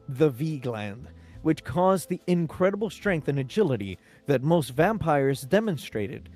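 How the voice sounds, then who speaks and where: A man reads a book aloud in a relaxed ASMR manner, his voice a little higher than most men's. He jokes and giggles between passages, with faint music playing behind him. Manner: laid-back reading, giggly and joking between passages. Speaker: guest co-reader.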